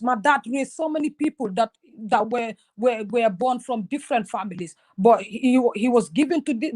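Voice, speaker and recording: Gambian woman, earnest and emotional, stumbling restarts, voice on the high side. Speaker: YouTuber guest. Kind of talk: impassioned conversation.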